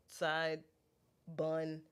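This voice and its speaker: A woman's voice: low-pitched, completely flat delivery, extremely slow, clear, resonant tone. A woman co-hosting a podcast in casual chat, blunt and profane, laughing often. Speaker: podcast co-host.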